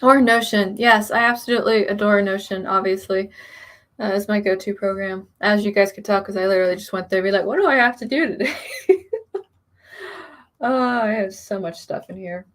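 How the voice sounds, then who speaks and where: A woman's voice: mid-range voice, steady tone, moderate pace, a bit bright. A young adult woman chatting casually on a live stream, reading viewer comments aloud and rambling about her plans. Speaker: author streamer.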